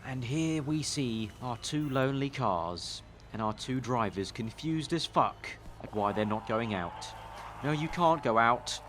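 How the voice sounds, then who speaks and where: A man, doing a bit, slips into a deadpan male reality-show voice-over. The tone sits low and flat, with a hint of a Northern English accent and a dry, droll delivery. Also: a little slow, slight background noise. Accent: mild Northern English.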